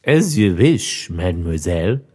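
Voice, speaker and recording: A man voicing a pompous hotel chef in a put-on French accent, slow and formal. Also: sits low, very animated, mellow, husky, pitched below the performer's own voice, full character voice. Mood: haughty. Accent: mock French.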